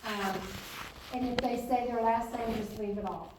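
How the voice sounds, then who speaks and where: A woman coaching a student in interpreting, encouraging her and checking in again and again. Her voice sits a little high and sounds distant, caught in a very echoey room. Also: steady tone, normal speed, a little mellow, a little hiss or hum. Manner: encouraging, checks in with repeated "okay?". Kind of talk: hands-on coaching lesson. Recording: echoey room, far from mic.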